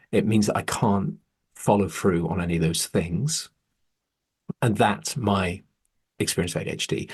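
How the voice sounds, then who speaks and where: A man's voice: on the low side, a little mellow, breathy edge. A man, hosting a podcast and talking candidly and earnestly, swearing when heated. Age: 40s. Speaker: podcast host. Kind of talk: candid casual conversation.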